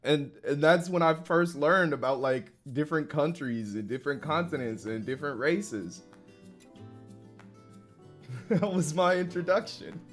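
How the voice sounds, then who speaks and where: A man's voice: a little high, expressive, unhurried, soft background music. A young man streaming, chatting casually with chat, rambling and laughing as he talks in loose slang.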